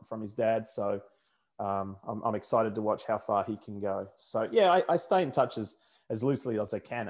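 This is an Australian man with a slightly low voice. He talks casually, pausing often with fillers and restarting his sentences. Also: a little mellow. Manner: halting, many fillers and restarts. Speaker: motorsport commentator guest. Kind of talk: casual interview chat.

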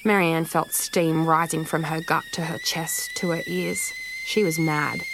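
A woman storyteller giving scripted narration for children in a lively, expressive way. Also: deep voice, unhurried, background noise. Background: soft music.

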